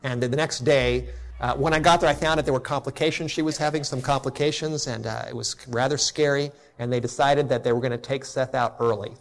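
A middle-aged man preaching a sermon to a congregation, telling a personal story in an earnest way that drops to a hush at tender moments. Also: medium pitch, steady tone, a little fast. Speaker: pastor.

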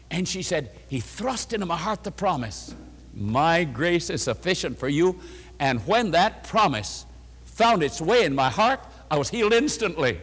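A man delivering a sermon in an earnest, storytelling manner, his voice a little high for a man and very lively in pitch. A long reverb trails each phrase, as in a large hall. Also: moderate pace. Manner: earnest storytelling, retelling a letter with rising emotion. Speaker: preacher.

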